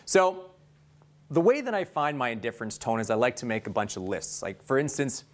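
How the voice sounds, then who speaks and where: A young adult man giving an energetic sales training talk, jumping between bright high delivery and low hushed tones. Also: a little fast. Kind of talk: instructional talk to a sales team.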